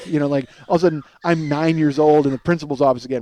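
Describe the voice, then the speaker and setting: A man's voice: a little high, steady tone, rapid-fire, hardly any pauses, warm tone. A man in his forties hosting a comedy podcast, telling self-deprecating stories in a rambling way full of fillers. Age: 40s. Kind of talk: casual comedic storytelling monologue.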